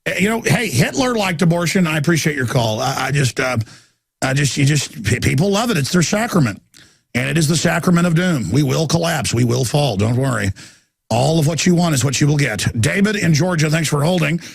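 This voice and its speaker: A man's voice: fairly high pitch, animated, a little fast, gravelly, slightly rough, no echo, studio quality. A man hosting a call-in radio talk show, ranting and sarcastic as he takes callers. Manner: ranting, sarcastic, mocking put-on voices.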